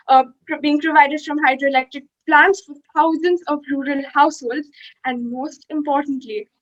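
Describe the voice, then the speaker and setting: A teenage girl giving a rhetorical school debate speech, addressing the audience directly. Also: sits high. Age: teens. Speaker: school debater speaking for the motion. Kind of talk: formal competitive debate speech. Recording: dull lo-fi call audio.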